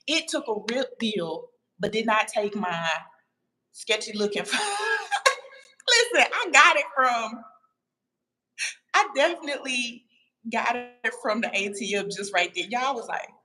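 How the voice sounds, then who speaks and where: A woman hosting a casual livestream, chatting to her viewers in an animated way and laughing often. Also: mid-range voice, brisk, rough recording. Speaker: livestream host. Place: home abroad.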